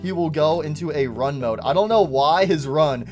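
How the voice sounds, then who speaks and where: A young man giving excitable, casual commentary on a game and saying "bro" a lot. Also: on the high side, moderate pace, over music. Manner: excitable, says "bro" often. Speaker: gaming YouTuber.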